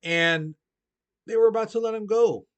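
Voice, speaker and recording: Chatty male history teacher, slightly high. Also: normal speed. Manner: casual, chatty, many fillers like "you know"; asks the students direct questions. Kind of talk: recorded online lesson.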